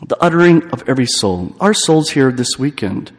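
Male priest, retreat homily, storytelling with repetition, mid-pitched voice, long church reverb. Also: expressive, moderate pace, slightly rough.

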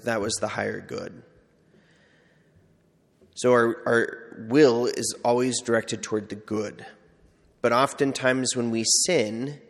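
A man's voice: fairly low pitch, gravelly. A man giving an informal sermon, talking conversationally and acting out little everyday scenes to make his point. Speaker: Catholic preacher or teacher. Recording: long hall reverb.

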